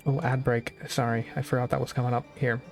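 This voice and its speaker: A man's voice: mid-range voice, flat delivery, fast, gravelly, faint music behind. A young Irish man streaming a strategy game, chatting casually and thinking aloud with lots of fillers. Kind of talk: casual gaming stream chat.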